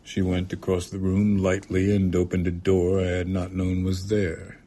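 A man reading a literary short story aloud in a calm, measured way. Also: low-pitched. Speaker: reader.

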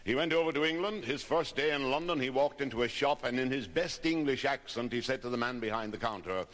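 A man telling folksy jokes and stories, putting on lively voices for the people in them. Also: mid-range voice, fairly quick, few pauses. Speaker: comedian. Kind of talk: recorded stand-up storytelling. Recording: long hall reverb.

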